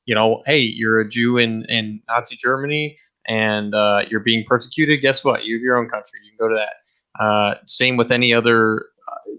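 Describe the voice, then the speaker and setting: A man's voice: medium pitch, steady tone, normal speed, pushed and bright, clean tone, highs cut off. A man co-hosting a casual political discussion, explaining his points plainly with fillers. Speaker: podcast co-host.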